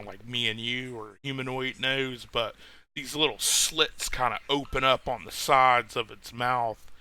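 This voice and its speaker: Man, game master, tabletop game narration, rambling, crisp tone. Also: medium pitch, sharp tone. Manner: rambling, many fillers and restarts.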